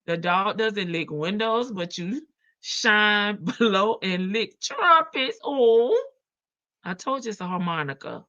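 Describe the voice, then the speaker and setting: A woman's voice: mid-range voice, expressive, takes it slowly, sharp tone, dull audio. A woman hosting a casual livestream, chatty and sassy, laughing often and calling her viewers baby. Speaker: livestream host.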